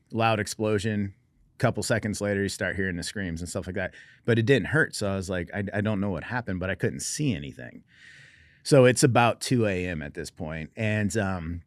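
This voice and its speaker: In a lowish voice on a dry recording, a middle-aged guest from Oregon, USA, a military veteran, talks through his personal story with understated, self-deprecating wit.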